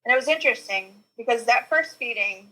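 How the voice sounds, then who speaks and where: A woman's voice: fairly high pitch, lively intonation, a little fast, bright, forceful tone, poor audio. A young woman guest on a podcast telling her own birth story, rambling with lots of filler words and small nervous laughs. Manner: rambling, heavy use of "like" and "you know", nervous little laughs. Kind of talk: personal birth story in conversation.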